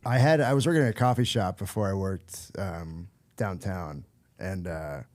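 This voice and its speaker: A man co-hosting a podcast, telling a story in a low-key, hesitant way with many pauses. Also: a little mellow, no room sound. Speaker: podcast co-host. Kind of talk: casual storytelling chat.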